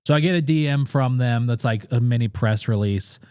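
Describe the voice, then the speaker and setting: A man talks candidly as a podcast guest, telling stories in a blunt, swear-heavy way. His voice sits at an ordinary middle pitch. The sound is dry and close, with no room echo. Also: darkish tone, clean tone. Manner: blunt, profane, brisk anecdote-telling. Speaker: food content creator and podcast guest. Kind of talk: casual interview storytelling.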